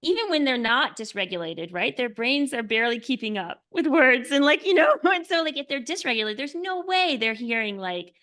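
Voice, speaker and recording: A woman author talking earnestly as a podcast guest, often filling with "like" and dropping to a soft hush when describing calm. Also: sits high, fairly quick. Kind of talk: podcast interview.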